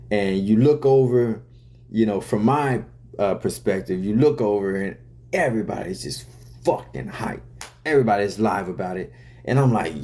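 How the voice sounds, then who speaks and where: A man's voice: fairly low pitch, a little mellow. A man, a rapper, casually explaining the story behind his song's lyrics in loose, profane talk full of fillers.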